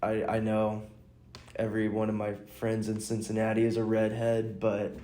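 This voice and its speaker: A man's voice: on the low side, monotone, moderate pace, mellow. A man hosting a casual solo podcast, rambling through stories, restarting his sentences and chuckling. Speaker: podcast host and stand-up comic. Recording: roomy echo.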